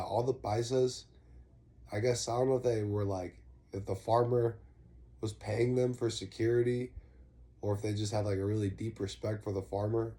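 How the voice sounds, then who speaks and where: A man's voice: fairly low pitch, warm tone. A young man casually telling a long story, rambling in heavy slang and swearing freely. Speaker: vlogger.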